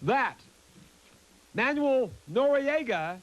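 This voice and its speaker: A man hosting a combative talk show, mocking letter writers and shouting his opinions. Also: extremely high pitch, animated, extremely slow, highs cut off. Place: TV studio with live audience. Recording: loud cheering studio crowd.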